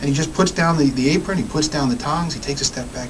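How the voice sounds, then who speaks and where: A man from the Bronx, a guest chef telling quick, animated kitchen stories in a radio studio. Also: on the high side, recorded from a distance, noisy background. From the Bronx, New York. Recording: voice a bit off-mic.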